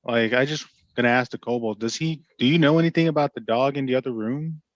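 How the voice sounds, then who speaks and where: A man's voice: mid-range voice, fast talker, no echo, highs cut off. A man playing a tabletop game, asking hesitant questions with restarts. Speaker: player. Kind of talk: casual tabletop role-play.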